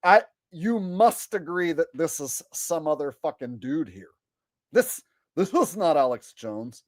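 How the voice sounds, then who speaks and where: A man's voice: fairly high pitch, expressive, a little slow, dry recording. Guy ranting n swearing on his vlog, exasperated, voice jumping all over, dry close sound. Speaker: commentary vlogger and impressionist. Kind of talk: ranting commentary.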